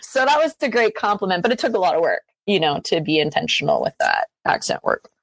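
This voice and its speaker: A woman from Canada, chatting as an interview guest, full of fillers and quick laughs. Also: lowish voice, sing-song, creaky, dry recording. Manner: chatty, many fillers and restarts, laughs easily. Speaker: guest actor and filmmaker. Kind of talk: casual interview chat.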